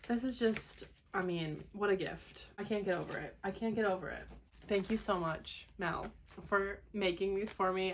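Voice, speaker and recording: A young woman vlogging as she unboxes books, gushing and excitable, at times dropping to a hushed whisper. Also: lowish voice, slight background noise. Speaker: book vlogger. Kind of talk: casual unboxing vlog.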